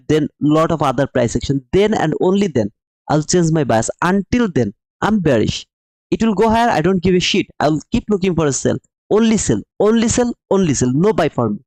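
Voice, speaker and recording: A man with a somewhat high voice runs a live trading stream. He talks emphatically, repeats his points and calls viewers brother. His voice sounds dry and close, with little room sound. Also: expressive, brisk, darkish tone, no room sound, poor audio. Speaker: livestream trading host. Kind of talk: live-stream market commentary and chat replies.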